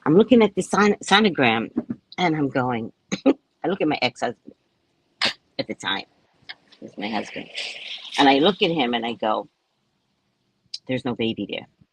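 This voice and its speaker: A woman's voice: extremely low pitch, big pitch swings, moderate pace, pauses often, slightly rough, no echo, poor audio. A woman hosting a live stream, telling a personal story in a casual, blunt and profane way, laughing often. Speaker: psychic reader and live-stream host.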